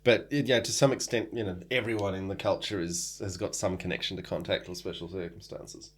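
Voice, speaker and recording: A man's voice: sits low, steady tone, brisk, husky. An Australian man co-hosting a casual book podcast. He talks thoughtfully, with hesitations and frequent ums. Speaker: podcast co-host. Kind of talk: casual book-club chat.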